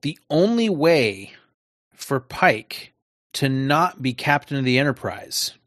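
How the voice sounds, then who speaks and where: A man's voice: medium pitch, big pitch swings, slow, fairly bright tone, no room sound, clean studio sound. A man co-hosting a casual discussion, sarcastic and laughing as he talks. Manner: sarcastic, laughs while talking. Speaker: podcast co-host.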